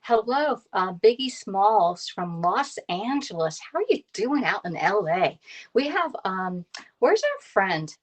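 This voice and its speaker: A woman's voice: medium pitch, sing-song, slow pace. Chatty woman cooking on a live stream. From Pennsylvania. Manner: chatty, laughs often, greets viewers by name. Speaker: cooking live-streamer and kitchen tools consultant. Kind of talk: casual live-stream chat while cooking.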